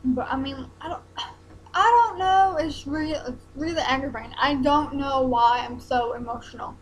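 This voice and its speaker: A young woman, talking haltingly in a personal vlog while close to tears. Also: sits high, slight background noise, rough recording. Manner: hesitant, halting, many ums and restarts.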